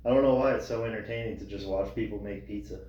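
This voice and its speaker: A man's voice: fairly low pitch, fast talker. A man co-hosting a podcast, joking and teasing in laid-back, crude banter. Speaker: podcast co-host. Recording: distant dull mic in a very roomy echo.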